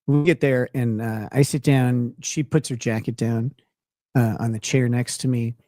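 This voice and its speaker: This is a man from Minnesota, hosting a casual chat show and spinning a long, rambling anecdote. He laughs often, restarts his sentences and leans on fillers. His voice sits at an ordinary middle pitch, and the sound is dry and close, with no room behind it. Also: fairly even intonation, moderate pace, mellow, no room sound. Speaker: show host.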